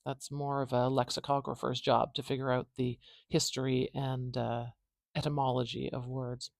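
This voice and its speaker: A woman with a North American accent hosting a phonetics lesson, explaining clearly and modeling pronunciations aloud. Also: a bass voice, flat delivery, moderate pace, dry recording, studio quality. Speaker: phonetics teacher, channel host.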